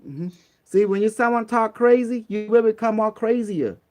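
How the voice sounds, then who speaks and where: A man from Cambodia talks casually and bluntly, handing out streetwise advice like a preacher. His voice sits fairly high for a man. He slips into little acted quotes to make his point. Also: normal speed, darkish tone. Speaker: online talk host. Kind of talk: casual motivational talk.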